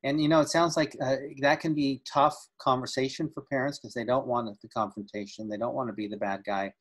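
Guy hosting an interview, husky voice, calm, wraps up what the guest said. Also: mid-range voice, a little fast. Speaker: host. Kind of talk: interview host.

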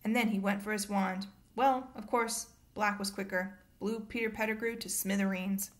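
A flustered, pompous middle-aged minister who turns evasive under questioning, as a woman puts him on while reading a storybook aloud. He grows loud and rattled when he talks about the past. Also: medium pitch, steady tone, moderate pace, slight background noise, natural voice. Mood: solemn.

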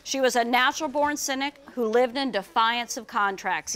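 A woman author reading her children's book aloud and describing its pictures at a bookstore event, in a lively storytelling manner. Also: fairly high pitch, moderate pace.

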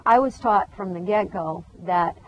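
A woman's voice: mid-range voice, unhurried. A woman, hosting a gardening show and chatting casually with a guest outdoors. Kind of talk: casual chat. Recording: dull lo-fi sound with faint background noise.

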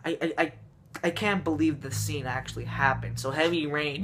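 A man's voice: a little high, fairly even intonation, moderate pace, fairly bright tone, a little hiss or hum. A young man talking casually to camera in a vlog, rambling with restarts and fillers as he reviews anime. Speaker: anime vlogger.

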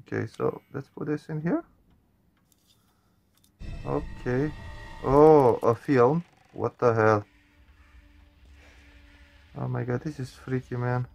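Jumpy, slow-talking man reacting to horror game. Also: medium pitch, steady tone, vocal fry, darkish tone. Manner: jumpy, swearing, talks to viewers. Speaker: gaming channel host.

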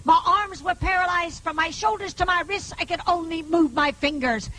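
A woman preaching her healing testimony to a live audience, emphatic and often rising to a shout. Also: extremely high pitch, moderate pace, low-quality recording. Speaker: evangelist giving her testimony.

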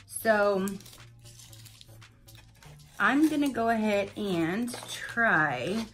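Over soft background music, a woman with a medium, fairly bright voice takes her time, leaving long pauses yet staying animated. She's an unboxing vlogger giving a casual product review, gushing and chatty, speaking directly to viewers with plenty of "like"s and "you guys."

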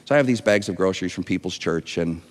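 A man's voice: sits low, fast talker, in a large hall. A man preaching a sermon to an online audience, earnest and emotional, often restarting and repeating words. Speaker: pastor. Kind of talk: livestreamed sermon.

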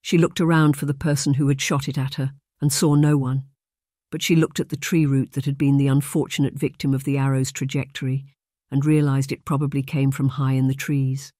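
Brief: measured romance narrator, middle pitch, dry close mic. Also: little pitch movement, mellow, no echo. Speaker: audiobook narrator. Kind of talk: scripted audiobook narration.

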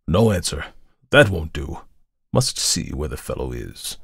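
A man voicing a grim male ghost warrior with a deep, gruff voice, speaking slowly and deliberately. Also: expressive, no echo, clean studio sound. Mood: grim muttering. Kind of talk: storybook narration.

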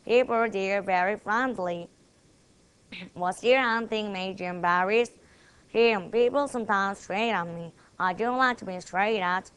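A woman's voice: mid-range voice, fairly bright tone, smooth. A woman with a Korean accent, reciting memorized English dialogues and speaking both parts of each exchange. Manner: plays both sides of each dialogue, deliberate and careful. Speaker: student presenter.

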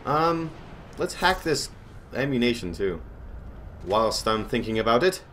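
A man's voice: mid-range voice, very animated, measured pace, fairly bright tone, a little hiss or hum. A man giving goofy, rambling gameplay commentary and talking to himself as he plays. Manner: goofy, rambling, talks to himself while playing. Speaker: gaming channel host.

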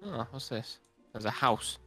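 A man's voice: mid-range voice, measured pace, a bit bright, breathy edge. A young man playing a co-op game with friends, cracking dry jokes and swearing. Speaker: gamer. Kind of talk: casual co-op gaming chat. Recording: game music behind voice.

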